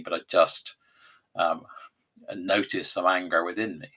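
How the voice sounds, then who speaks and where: A man, an executive coach and podcast guest, explaining things in a measured way with frequent ums. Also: sits low, level tone, sharp tone, slightly rough, dull audio. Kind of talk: casual conversational interview.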